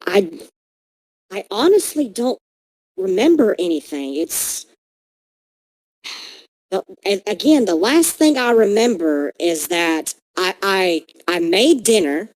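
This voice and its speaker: A lost, grieving ghost of a mother, as a man puts her on in a tabletop game, halting and stammering with a lively, rising and falling pitch. She speaks slowly in a dry, close sound. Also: no echo, exaggerated voice, poor audio. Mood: confused, lost. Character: grieving, confused ghostly mother, middle-aged woman.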